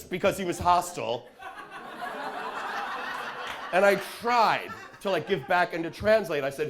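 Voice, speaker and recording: A man from Long Island doing a stand-up comedy set on a club stage, sardonic and animated as he tells stories. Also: high-pitched, measured pace, long pauses, background noise. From Long Island, New York. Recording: live club crowd laughing.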